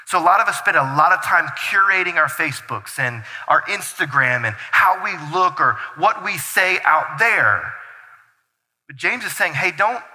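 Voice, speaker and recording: A man preaching a sermon as pastor, energetic and full of rhetorical questions to the congregation. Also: fairly high pitch, normal speed. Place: church hall. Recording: reverberant church hall.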